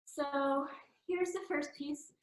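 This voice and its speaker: A young woman walks through her own art pieces in a relaxed, halting way, filling her pauses with ums and sounding slightly out of breath. Her voice sits a little high, and the room around her echoes noticeably. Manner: hesitant, with frequent ums. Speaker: art student presenting her work. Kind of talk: casual showcase talk.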